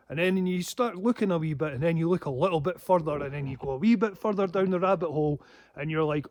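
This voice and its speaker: A man's voice: on the high side, fast talker, a little mellow, dry recording. A man rambling in a casual vlog monologue, swearing often and breaking into laughs. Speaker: paranormal vlogger.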